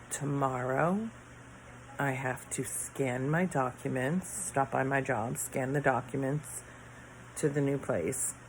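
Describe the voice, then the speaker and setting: Slow, tired middle-aged woman. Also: very deep voice, a little hiss or hum, poor audio. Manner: rambling, trailing off, sighing. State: tired, yawning. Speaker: vlogger. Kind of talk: casual late-night chat to camera. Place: her bedroom at home.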